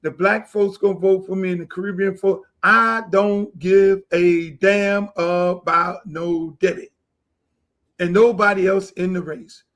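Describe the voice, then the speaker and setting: A middle-aged man hosting a podcast, ranting loudly and boastfully, with a lot of profanity. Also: high-pitched. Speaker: podcast host. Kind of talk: heated casual talk.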